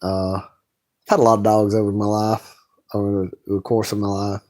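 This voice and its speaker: A man's voice: on the low side, level tone, moderate pace, a little mellow. A man ranting bluntly and rambling on a late-night livestream from home, swearing often. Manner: blunt, rambling, heavy profanity. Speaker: livestream host.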